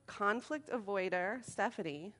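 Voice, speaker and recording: A woman in her thirties speaking at a moms' meeting, telling funny, self-deprecating stories in an animated way. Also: medium pitch, unhurried. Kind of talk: humorous talk to a group.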